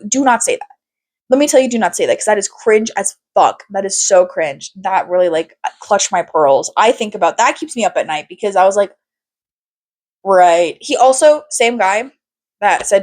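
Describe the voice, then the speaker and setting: A young woman hosting a podcast, talking in a candid, animated way, swearing freely and using lots of fillers. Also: medium pitch, normal speed. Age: young adult. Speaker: podcast host. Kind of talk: casual chat.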